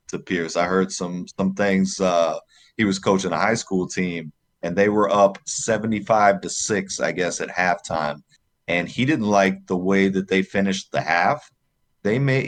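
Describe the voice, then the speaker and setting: A man with a very deep voice offers a measured, deliberate opinion in casual sports chat. He speaks as a podcast co-host. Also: a bit bright.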